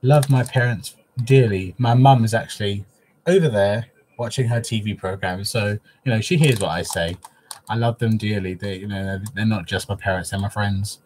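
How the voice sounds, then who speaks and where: A man's voice: fairly low pitch, normal speed, a little mellow, slight background noise. A man hosting a casual craft livestream from home, talking openly and emotionally to his viewers. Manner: openly emotional, soppy, chatty. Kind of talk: casual live-stream chat. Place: at home, in a living room.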